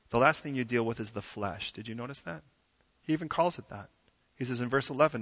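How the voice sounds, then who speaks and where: A man preaching a sermon as pastor in a church, conversational and animated, acting out quotes in different voices. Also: mid-range voice, fast talker. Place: church sanctuary. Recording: dull sound with long hall reverb.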